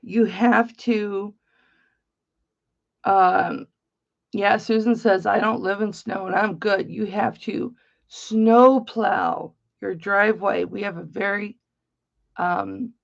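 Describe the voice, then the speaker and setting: A woman's voice: mid-range voice, vocal fry. A middle-aged woman from Michigan hosting an online auction, rambling through a story in a blunt, chatty way and swearing freely. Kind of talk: casual chatty livestream. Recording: slightly dull lo-fi stream audio.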